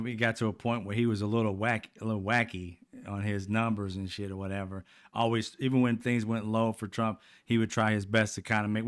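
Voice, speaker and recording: A man hosting political commentary launches into an animated rant, profane and mocking, with frequent laughter and high-pitched impressions of others.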